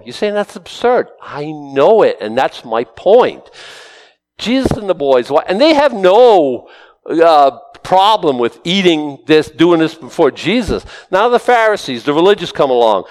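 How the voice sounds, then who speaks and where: A male pastor delivers a sermon with a slightly higher voice that rises and falls widely. He tells stories animatedly, acting out quotes as he goes. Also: in a large hall, poor audio. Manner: animated storytelling with acted-out quotes.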